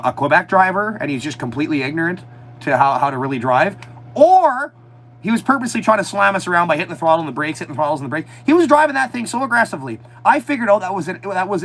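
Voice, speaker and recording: A man chatting on a casual livestream from a motorhome, telling animated stories with a lot of swearing and mockery. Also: fairly high pitch, poor audio. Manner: animated storytelling, swearing, mocking. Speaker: livestream host. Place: inside a motorhome.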